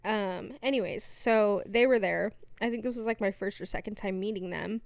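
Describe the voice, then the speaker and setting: A young adult woman, a podcast guest, telling stories in casual chat, animated and laughing often, with lots of fillers. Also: mid-range voice, normal speed, creaky, no echo.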